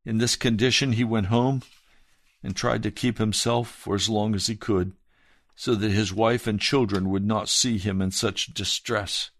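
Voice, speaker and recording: A man's voice: steady tone, no room sound. Earnest male pastor preaching in a dry room. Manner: earnest, measured preaching, dropping soft and low for emphasis. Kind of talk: sermon reading and preaching.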